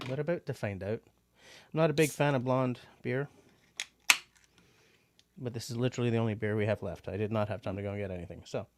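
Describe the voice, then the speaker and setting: A man's voice: medium pitch, fairly quick, noisy background. A man hosting a livestream, chatting casually and rambling with frequent filler words. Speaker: livestream host.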